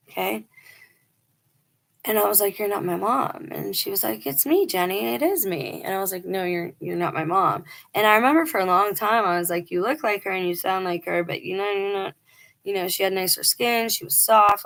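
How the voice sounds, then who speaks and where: A woman's voice: medium pitch, creaky, fairly bright tone. Earnest woman telling her life story. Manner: earnest, emphatic, with quoted dialogue. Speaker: vlogger telling a personal testimony. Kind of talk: casual storytelling monologue.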